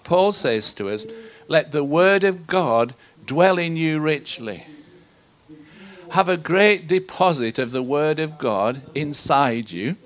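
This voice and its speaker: Earnest preacher man, slightly high voice. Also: a bit bright. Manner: earnest, conversational teaching with rhetorical questions. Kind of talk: sermon.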